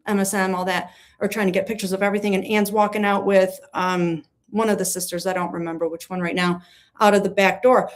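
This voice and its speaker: A woman from New gives casual true-crime commentary, animated and sarcastic, rambling with many fillers. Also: mid-range voice. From New York.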